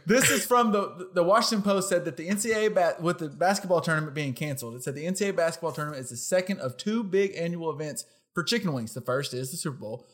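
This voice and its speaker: A man's voice: fairly high pitch, fast talker, few pauses, fairly bright tone. A young man co-hosting a podcast in casual chat, talking in a loose, self-correcting way and laughing often. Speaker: podcast co-host.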